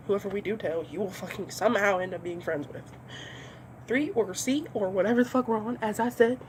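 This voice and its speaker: A woman's voice: mid-range voice, animated, a little fast, a little hiss or hum. A young woman doing a comedy monologue, ranting with lots of swearing and acting out voices. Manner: profane, ranting, acts out voices.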